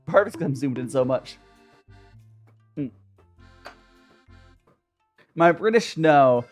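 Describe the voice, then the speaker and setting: A livestreamer in casual chat who rambles from thought to thought and greets viewers by name. The voice is middle-pitched and swings up and down a lot. Faint music plays behind. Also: lively intonation, slow pace, long pauses, husky. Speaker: tea-drinking livestreamer.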